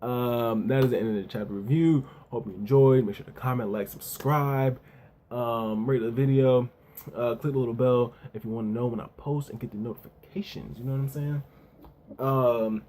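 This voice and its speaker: Laid-back man with a mellow voice. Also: mid-range voice, steady tone, normal speed. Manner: loose slangy talk full of "yo" and "you know what I'm saying". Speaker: anime and manga reviewer. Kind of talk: casual chapter review.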